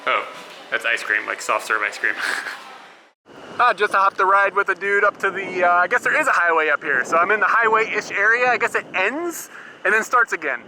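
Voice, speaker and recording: A young man with a high, sharp voice and lively intonation talks at normal speed to his camera outdoors. As a travel vlogger by roads and rest stops, he rambles with fillers and laughs often, and the poor audio carries clear traffic noise.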